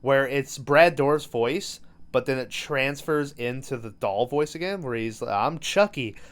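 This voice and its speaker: A man's voice: mid-range voice, a little slow, clear, resonant tone. Casual, profane man recapping a movie. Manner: loose, profane storytelling with many fillers. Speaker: podcast host.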